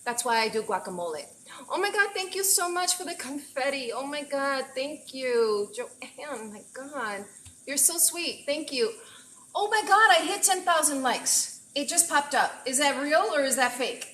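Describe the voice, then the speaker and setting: A woman chef livestreams herself cooking in her home kitchen, her high voice lively in intonation, fairly bright, and at normal speed. She gushes to viewers, exclaims often, and drops in Spanish phrases. The sound is reverberant with slight background noise.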